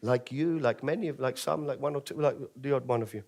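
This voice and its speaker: A man's voice: medium pitch, a little fast, creaky, a little mellow. A male comedian from Britain telling a true story on stage in a wry, theatrical way, acting out the other people's lines. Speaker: stand-up comedian. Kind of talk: live storytelling comedy show.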